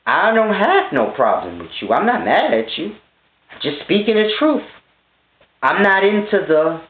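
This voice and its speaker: A man in his thirties delivering a blunt, scornful, profane monologue rant to his viewers. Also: a little high. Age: 30s. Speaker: vlogger. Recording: tinny, phone-like and roomy.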